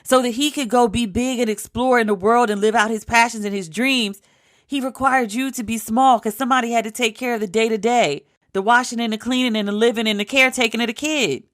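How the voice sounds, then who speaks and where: A woman's voice: a little high, steady tone, fairly quick, fairly bright tone. A woman hosting a podcast, recapping a TV episode in casual, profane, emphatic storytelling with quoted asides. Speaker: podcast host. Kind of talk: casual pop-culture commentary.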